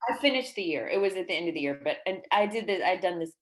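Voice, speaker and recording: A woman in her thirties, a podcast guest, telling stories in casual chat with a giggly, animated manner. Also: fairly low pitch, quick pace. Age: 30s.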